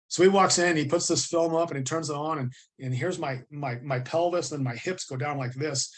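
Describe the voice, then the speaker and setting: With a medium-pitched voice, this middle-aged American interview-show guest recounts his story with earnest vividness. He acts out the voices of those he quotes.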